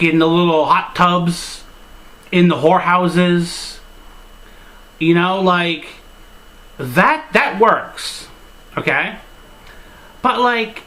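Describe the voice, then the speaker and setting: A man's voice: high-pitched, sharp tone, low-quality recording. A man delivering a crude, exasperated comedy rant as a video reviewer, full of swearing and filler "like"s.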